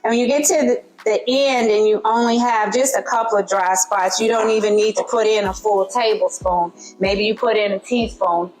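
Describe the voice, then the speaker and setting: A woman's voice: mid-range voice, fairly even intonation, moderate pace, few pauses, darkish tone, poor audio. A woman with a Southern US accent hosting a cooking video in her home kitchen, chatting to viewers as she works and checking in with frequent okays. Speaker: cooking channel host. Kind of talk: casual cooking demonstration.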